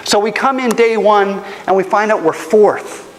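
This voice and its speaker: A man preaching a sermon, telling a personal story in an animated, humorous way. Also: sits high, moderate pace, long reverb tail, a little hiss or hum, low-quality recording. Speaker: pastor. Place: church auditorium.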